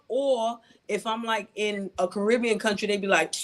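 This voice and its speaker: A man's voice: high-pitched, steady tone, moderate pace. A man from New York with a Brooklyn accent, telling brash, profane stories in a casual panel chat. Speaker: panel guest.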